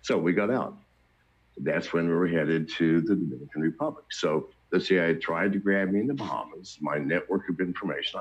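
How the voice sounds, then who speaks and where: A man's voice: deep voice, a little fast, breathy edge. An older man telling his story in casual, blunt, profane talk, chuckling between anecdotes. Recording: dull lo-fi recording.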